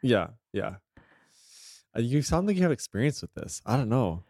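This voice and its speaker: A man's voice: medium pitch, moderate pace, no room sound, clean studio sound. A man in his thirties co-hosting a podcast, telling a story in casual chat and acting out the exchanges. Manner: animated storyteller, acts out exchanges. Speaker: podcast co-host.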